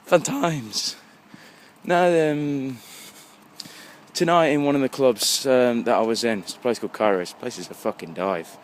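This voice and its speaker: A man's voice: medium pitch, unhurried. A young English man in his twenties, a bit tipsy, rambling and swearing constantly while walking home at night and talking into his phone. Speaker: vlogger. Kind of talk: casual rambling monologue. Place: outdoors on a street at night, walking. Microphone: phone held while walking. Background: faint passing traffic.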